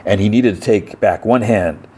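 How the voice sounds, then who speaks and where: A man's voice: on the low side, normal speed, a little mellow, slight background noise. A man hosting a podcast, casually retelling a TV episode in a rambling way, stumbling and repeating words. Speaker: podcast host.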